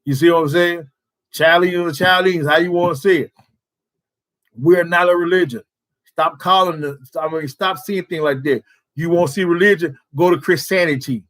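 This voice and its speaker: A man's voice: a little high, steady tone, moderate pace, fairly bright tone. A man preaches at a prayer service. He talks in an emphatic, colloquial way and keeps firing rhetorical questions at his listeners. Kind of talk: sermon.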